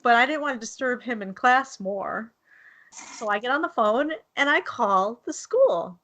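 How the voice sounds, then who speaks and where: Bright-voiced woman telling a story. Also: on the high side, a little slow. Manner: animated, builds a story for listeners. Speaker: podcast co-host. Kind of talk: casual storytelling chat.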